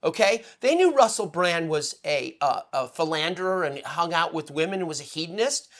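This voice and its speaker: A man's voice: on the high side, expressive, normal speed. Emotional, rambling male political guest. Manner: emotional, rambling, swings between loud and hushed. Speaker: guest commentator. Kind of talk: impassioned political commentary.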